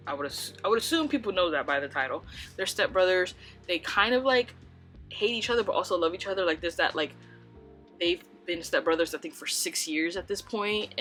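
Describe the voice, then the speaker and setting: A woman's voice: low voice, fairly bright tone. A young woman chatting casually about books at home, rambling with lots of "like"s. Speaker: book vlogger. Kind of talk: casual chat.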